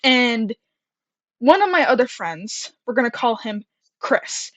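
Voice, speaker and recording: A woman's voice: a little high, big pitch swings, takes it slowly, no room sound. A young woman telling a story from her school days in a casual, rambling way, full of fillers, a little out of breath. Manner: chatty, rambling, many fillers and laughs.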